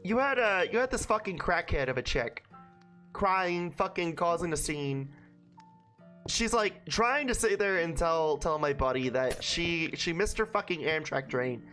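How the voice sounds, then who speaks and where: Young adult streamer from Brooklyn, animated swings in pitch, swears a lot, rambling stories, soft music underneath. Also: a little slow. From Brooklyn, New York. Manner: profane, rambling anecdotes with frequent restarts. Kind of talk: casual stream chat, storytelling to chat.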